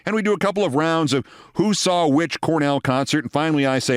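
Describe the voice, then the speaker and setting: A man's voice: a little high, a little fast, hardly any pauses, clear, resonant tone, dry recording, studio quality. A man hosting a show, telling a long anecdote in a wry, dramatic way. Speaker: host. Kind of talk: storytelling commentary.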